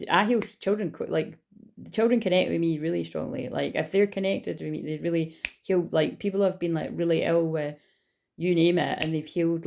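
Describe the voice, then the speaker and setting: A woman's voice: low voice, vocal fry, a little mellow. A woman doing a chatty, rambling card reading as a spiritual healer, with lots of restarts and asides.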